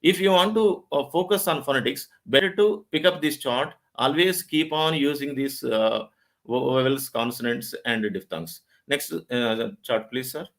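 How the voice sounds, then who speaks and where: A man's voice: mid-range voice, moderate pace, a bit bright. A middle-aged man with an Indian English accent giving an English lecture in a webinar, explaining step by step and repeating key points.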